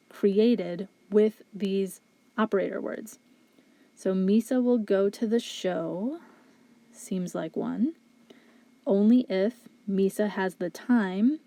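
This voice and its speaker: A woman's voice: medium pitch, warm tone, dry recording. A woman teaching logic, methodically working through exam questions step by step and thinking aloud in a recorded lecture. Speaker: philosophy instructor.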